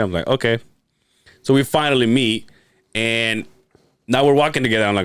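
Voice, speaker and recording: A man's voice: mid-range voice, brisk, long pauses, clear, resonant tone, no room sound. A man hosting a podcast, telling a story in casual chat, cursing freely and acting out quotes with laughs. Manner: profane, animated storyteller, acts out quotes with laughs. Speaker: podcast host.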